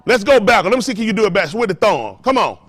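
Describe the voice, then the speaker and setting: A male pastor preaching to his congregation with call-and-response, firing rhetorical questions and swinging between loud emphasis and hushed lines. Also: high-pitched, sing-song, fast.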